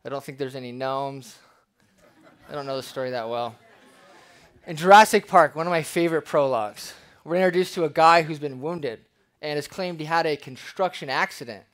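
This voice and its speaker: A man preaching a sermon as pastor, conversational and lively, with playful asides. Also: on the high side, moderate pace.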